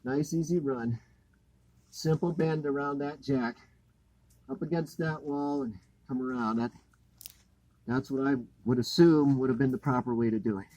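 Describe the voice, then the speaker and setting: A man's voice: mid-range voice, fairly even intonation, normal speed, long pauses, mellow, dry recording, dull audio. A man ranting with sarcasm and anger while crawling under a home to point out a botched installation. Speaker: homeowner inspecting a botched install. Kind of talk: annoyed walkthrough vlog.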